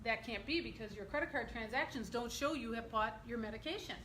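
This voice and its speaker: A woman's voice: on the high side, brisk, a bit bright, a little hiss or hum, lightly acted. A woman doing a prying, polite pizza order man. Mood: apologetic. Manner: apologetic, insistent. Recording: echoey room.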